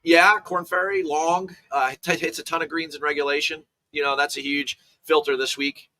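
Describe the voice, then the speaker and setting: A man with a bright, forceful voice talks through golf betting picks in a loose, casual chat. He rambles into side stories, restarting sentences and piling on asides as he goes. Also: fairly high pitch, fairly even intonation, moderate pace, a little hiss or hum.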